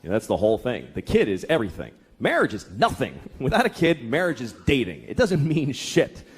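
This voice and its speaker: A thirtysomething comic, profane and exasperated, does stand-up on a club stage to a laughing crowd, occasionally doing voices. He speaks a little fast in a mid-range voice with huge pitch swings and a breathy edge; crowd noise fills the live recording.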